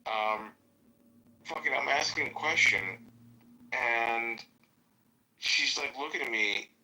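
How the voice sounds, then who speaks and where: American guy on a podcast, super bright voice, swears a lot, rambly stories. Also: slow pace, low-quality recording. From United States. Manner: profane, storytelling, jumps high to mimic others. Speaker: podcast co-host. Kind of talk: casual chat.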